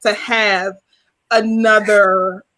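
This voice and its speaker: A woman's voice: mid-range voice, flat delivery, very slow, bright, forceful tone. A woman co-hosting a casual talk show, emphatic and repeating phrases for effect. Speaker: podcast co-host. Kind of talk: casual political chat.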